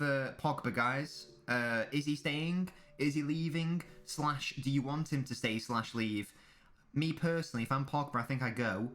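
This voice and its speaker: A man's voice: medium pitch, fairly bright tone. A young man streaming a live football watchalong, chatting casually with his viewers and swearing freely. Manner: casual banter with chat, swearing. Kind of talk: live match watchalong commentary.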